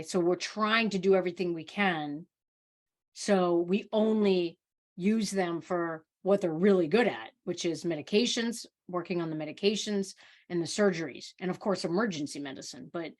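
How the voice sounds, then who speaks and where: A woman doctor of Oriental medicine hosting a live Q&A over a video call, talking casually and animatedly, often restarting and repeating words. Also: mid-range voice.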